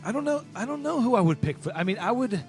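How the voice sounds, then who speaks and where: A man's voice: very high voice, very animated, quick pace, soft background music. A man co-hosting a podcast in casual chat, often stammering and restarting his sentences. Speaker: podcast co-host.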